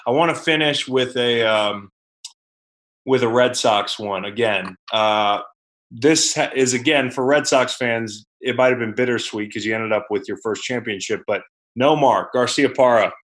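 A man's voice: mid-range voice, normal speed, fairly bright tone. A man co-hosting a sports podcast, rambling in casual, conversational chat.

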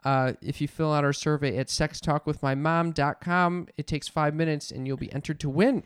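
A man's voice: on the high side, steady tone, normal speed, clean tone, dry recording. Joking young man on a dry podcast mic. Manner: joking, teasing. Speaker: podcast co-host. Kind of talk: casual chat.

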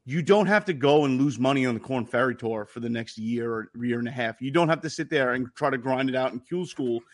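A man co-hosting a sports podcast, telling profane, animated stories in casual chat. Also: mid-range voice, a little fast. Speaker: podcast co-host.

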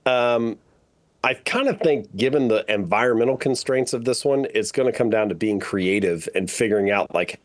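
A man who is an author, a guest on a podcast interview, answering questions in a measured, explanatory way with frequent ums. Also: fairly low pitch.

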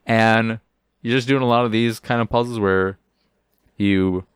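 A man's voice: mid-range voice, steady tone, moderate pace, clear, resonant tone, dry recording, studio quality. A man hosting a podcast, chatting casually and profanely about video games and acting out scenes as he talks. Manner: rambling and profane, acts out scenes. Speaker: podcast host. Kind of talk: casual video game chat.

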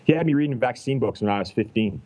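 A man's voice: medium pitch, fast talker, low-quality recording. A middle-aged man from Canada, a chiropractor guest chatting casually and acting out quoted lines as he tells stories. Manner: animated storyteller who acts out quoted lines. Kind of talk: casual podcast chat.

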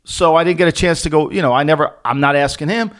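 A middle-aged man co-hosting a casual sports talk show, telling lively anecdotes and acting out the people in them. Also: fairly high pitch, quick pace. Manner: animated anecdote-teller, acting out quoted voices. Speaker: podcast co-host, former NFL executive. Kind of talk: casual storytelling chat.

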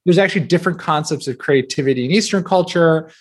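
A man in his thirties from New Jersey, speaking as a guest in a relaxed interview. His voice sits a touch higher than most men's, and he rattles along with lots of "like" and "sort of," poking fun at himself as he tells stories. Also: breathy edge. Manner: fast, filler-heavy, self-deprecating storytelling. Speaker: guest author. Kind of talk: casual interview talk.

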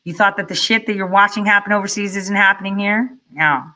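Profane ranting woman, bright edge. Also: mid-range voice, brisk. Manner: ranting, profane, rhetorical questions. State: furious. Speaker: commentator reacting to a speech. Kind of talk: angry reaction commentary.

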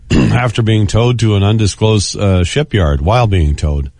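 A man co-hosting a radio show, reading news items in a relaxed way with frequent uh fillers. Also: on the low side, a little slow, vocal fry, no room sound, clean studio sound. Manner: relaxed, fills with uh. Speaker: radio co-host.

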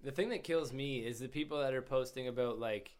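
A man's voice: mid-range voice, fairly quick, clear, resonant tone. A man in casual conversation, speaking bluntly and ranting with heavy swearing. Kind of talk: casual chat.

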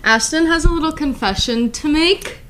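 A woman in her early twenties hosts a casual vlog in a high, fairly bright voice at normal speed. She's bubbly and gushing, chatting away and saying "like" a lot as she tells stories.

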